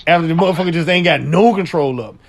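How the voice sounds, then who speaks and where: A man hosts a radio talk show, telling animated stories in crude slang and laughing often in a casual chat. His voice is a little high and rapid-fire.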